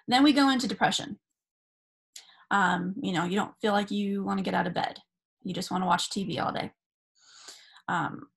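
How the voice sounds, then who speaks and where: A woman's voice: mid-range voice, creaky, fairly bright tone, breathy edge. A woman in her thirties from Southern California, talking casually and earnestly about spiritual ideas to her camera, with many fillers and restarts. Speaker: spiritual vlogger.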